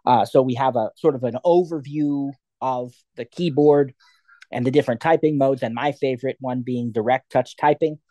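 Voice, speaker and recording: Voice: mid-range voice, normal speed, mellow, dry recording. Chatty instructor, dry close sound. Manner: chatty and digressive, thinks aloud with many fillers. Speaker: assistive technology instructor. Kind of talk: live class demonstration.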